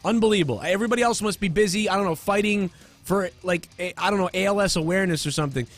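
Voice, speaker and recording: A man's voice: sits high, very fast, soft background music. A man hosting a comedy podcast, ranting casually with constant fillers, restarts and swearing. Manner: rambling, profane, many fillers and restarts. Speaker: podcast host.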